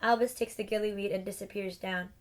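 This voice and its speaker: A woman reading the stage directions of a play aloud in a calm, even narrating voice. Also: mid-range voice, fairly quick. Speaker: reader of an audiobook series.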